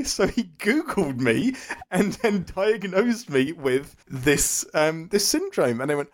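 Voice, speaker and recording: Animated man telling a story. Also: sits high, unhurried. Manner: animated storytelling, laughs often. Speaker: podcast co-host. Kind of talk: casual chat.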